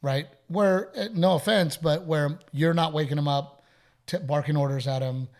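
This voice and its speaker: This Texan man hosts a podcast, chatting casually at a moderate pace in a voice on the high side, a little mellow. He spins stories full of quoted dialogue and laughs frequently.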